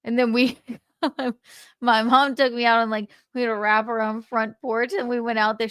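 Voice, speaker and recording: A woman's voice: a little high, little pitch movement, normal speed, fairly bright tone, clean tone, no echo, clean studio sound. Giggly woman hosting a live stream. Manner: giggly, laughs often. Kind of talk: casual chat and storytelling.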